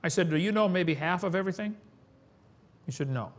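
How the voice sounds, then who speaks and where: A man's voice: high-pitched, a little fast. A man giving a preaching lecture to an audience in a folksy, emphatic way. He chuckles between points and often asks "okay?". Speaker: creationist speaker.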